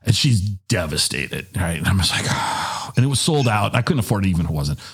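A middle-aged man telling a long anecdote in a casual, animated way, jumping up in pitch when he quotes people. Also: brisk, husky. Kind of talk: casual storytelling.

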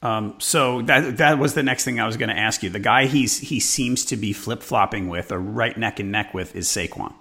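A man from New York hosts a casual sports podcast in a low voice with a gravelly fry. His tone is bright and forceful. He talks conversationally and trails off mid-thought. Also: normal speed, hardly any pauses. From New York, USA. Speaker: podcast host.

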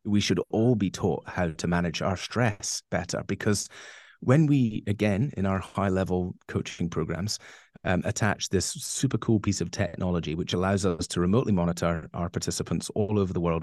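A man's voice: low-pitched, moderate pace, a little mellow, dry recording, studio quality. A man answering interview questions as a coach, emphatic and rambling, with many fillers and restarts. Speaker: guest coach.

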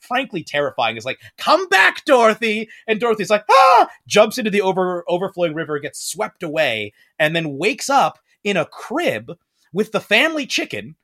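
A man hosting a podcast, telling a story in a casual chat and acting out the quoted lines in high voices. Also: sing-song, a little fast, bright, forceful tone. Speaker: podcast host.

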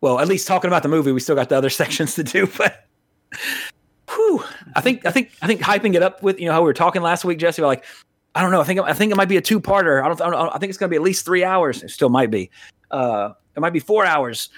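A man with a somewhat higher voice than most men rambles through a casual film review chat. He swears a lot and keeps cutting himself off. The sound is close and dry, with no room around it. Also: animated, fast talker, fairly bright tone, no room sound. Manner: rambling, profane, self-interrupting. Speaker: podcast co-host reviewing films.

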